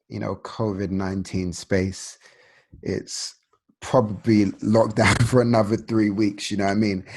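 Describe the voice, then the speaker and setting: A man's voice: on the low side, vocal fry, a little mellow. A man hosting a casual interview, talking loosely with lots of slang and fillers. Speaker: podcast host.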